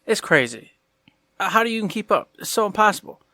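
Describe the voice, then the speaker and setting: A man's voice: high-pitched, very animated, fast talker, pushed and bright, dry recording, studio quality. A man co-hosting a gaming podcast, chatting casually with playful, goofy asides. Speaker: podcast co-host.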